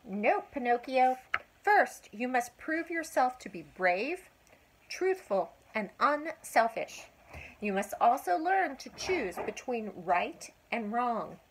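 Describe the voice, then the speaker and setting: An older woman voicing a gentle, solemn female fairy in a storybook, speaking softly and calmly. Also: a little high, slow, slight background noise, low-quality recording.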